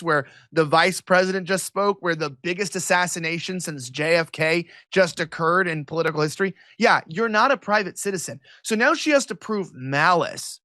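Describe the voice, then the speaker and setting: A man's voice: sits high, pushed and bright, dry recording, clean studio sound. A man from the United States, a guest in an interview, giving heated political commentary in a sarcastic, mocking way with many restarts.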